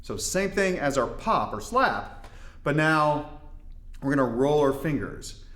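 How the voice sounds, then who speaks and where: Relaxed man teaching drum technique. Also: fairly high pitch, slow pace, reverberant. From Indiana. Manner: relaxed, explanatory, folksy asides. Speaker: darbuka teacher. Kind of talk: instructional demonstration.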